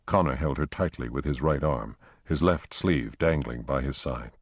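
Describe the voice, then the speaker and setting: Deep-voiced man reading a thriller. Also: normal speed, no echo, studio quality. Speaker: audiobook narrator. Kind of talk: scripted narration.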